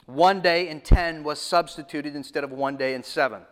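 Male preacher, fairly high pitch, emphatic and repetitive with sudden hushed drops. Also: normal speed. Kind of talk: sermon.

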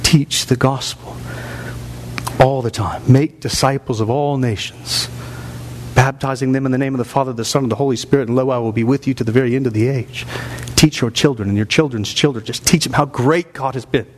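A man's voice: medium pitch, fairly even intonation, a little fast, a little hiss or hum. A man in his thirties preaching a sermon in a church, reading scripture aloud and rising into emphatic bursts. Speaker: pastor. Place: church sanctuary.

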